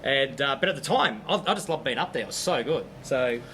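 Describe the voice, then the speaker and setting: Australian man, middle-aged, comedian, fast storyteller, bright voice, faint background noise. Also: mid-range voice. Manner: animated, laughing storyteller. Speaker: stand-up comedian, guest. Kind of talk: casual podcast chat, storytelling.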